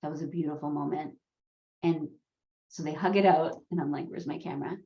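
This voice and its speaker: At a moderate pace and in a low voice, a coparenting course leader shares a story with her class about her sons. She brings it to life by acting out the kids' voices with laughs, in dull, roomy lo-fi audio.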